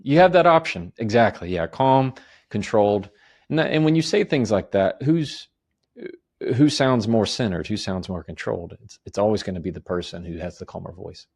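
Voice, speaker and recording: A man, an attorney and author, calmly explaining communication advice on a podcast in a measured, step-by-step way. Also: on the low side, gravelly, husky. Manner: calm, measured, lists steps and gives example phrases.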